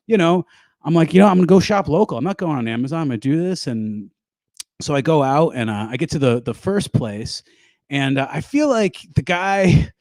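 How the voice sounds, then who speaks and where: A man performing stand-up from home over a video call, his voice a bit higher than most men's. He rambles through his stories in a self-deprecating way and bursts into loud, silly voices. The headset mic sounds close and dry. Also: no room sound. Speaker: stand-up comedian. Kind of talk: online stand-up set.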